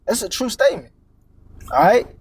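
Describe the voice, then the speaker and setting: High-voiced man preaching in casual slang. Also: very animated, normal speed, breathy edge. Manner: casual and profane, many fillers and "man", "all right?"; repeats words while searching, stammering restarts. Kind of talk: informal street-style sermon.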